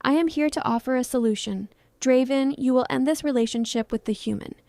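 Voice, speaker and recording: A woman's voice: sits high, fairly quick, vocal fry, darkish tone, no room sound. A woman voicing an ancient, menacing male vampire lord who speaks with cold, mocking condescension. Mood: cold contempt.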